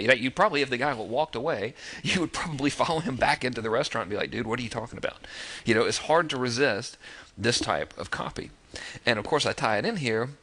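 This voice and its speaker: A marketing course instructor in his thirties, with a medium-pitched, sharp voice, gives a casual spoken lesson walking through sales letters. He talks loosely, with fillers and restarts, and acts out quoted lines.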